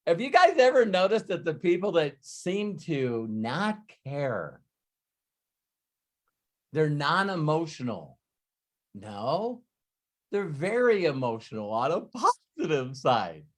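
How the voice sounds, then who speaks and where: A man hosting a group video call, telling casual stories and acting out other people's voices with energy. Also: a little high. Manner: animated, acts out gamblers' voices. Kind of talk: casual storytelling to a live call.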